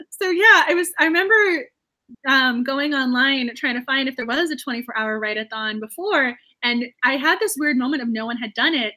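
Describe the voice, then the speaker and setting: A woman's voice: high voice, fairly quick, bright, forceful tone. A woman hosting a writing live stream, gushing and emotional, full of fillers and laughter. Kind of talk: casual live-stream chat.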